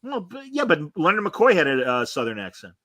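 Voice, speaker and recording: Bright-voiced opinionated man. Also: on the high side, a little fast, dry recording. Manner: opinionated, animated, trailing restarts. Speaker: podcast co-host. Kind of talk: casual chat.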